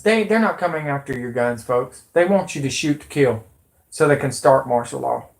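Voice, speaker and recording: A man's voice: medium pitch, normal speed, vocal fry, echoey room. Agitated man ranting to his viewers. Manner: agitated, rambling, swears freely, addresses viewers as folks and y'all. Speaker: conspiracy vlogger. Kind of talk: ranting livestream monologue.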